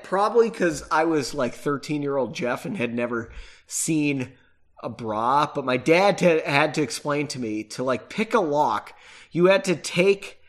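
A man with a stuffy nose, chatting casually and rambling with self-mocking asides. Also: fairly high pitch. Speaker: podcast host and reader. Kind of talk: casual chat and reading aloud.

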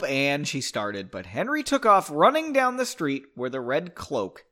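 A man's voice: fairly high pitch, huge pitch swings, unhurried, pushed and bright. A man hosting a podcast, reading a story aloud and breaking off for chatty, self-mocking jokes. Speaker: podcast host.

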